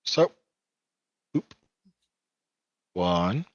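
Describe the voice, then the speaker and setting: A man with a lowish voice runs a tabletop vampire game, wandering through his notes and stopping to correct himself with a chuckle. The sound is dry and dull, as from a cheap mic. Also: big pitch swings, drawn-out words, dry recording. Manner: rambling, self-correcting, chuckles often. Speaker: game master. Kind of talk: narrating a tabletop game online.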